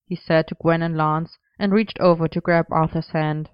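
A woman reading a story aloud in steady, even narration. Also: low-pitched, normal speed, few pauses, smooth, no room sound. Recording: slightly dull, dry close recording.

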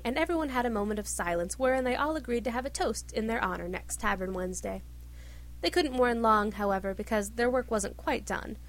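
A woman reading a story aloud with expressive narration. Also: on the high side. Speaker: reader. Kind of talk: reading fan fiction aloud.

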